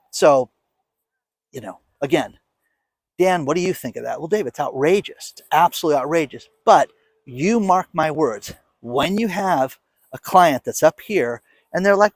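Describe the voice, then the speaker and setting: A man's voice: a little high, animated, moderate pace, dry recording. A man in his fifties, hosting a casual monologue, telling a story with emphatic, indignant energy and acting out quoted lines. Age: 50s. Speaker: show host.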